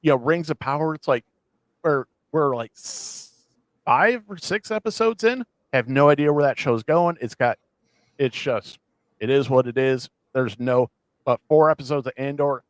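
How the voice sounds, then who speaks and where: Rambling animated man, dry close sound. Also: mid-range voice, moderate pace, no room sound. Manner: rambling, many restarts and fillers, animated retelling. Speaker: podcast co-host. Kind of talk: casual chat.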